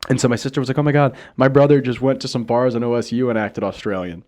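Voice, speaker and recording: A young man from Ohio, a podcast host telling a story in casual chat, animated and laughing often. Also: mid-range voice, fast talker, slight background noise. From Ohio, USA.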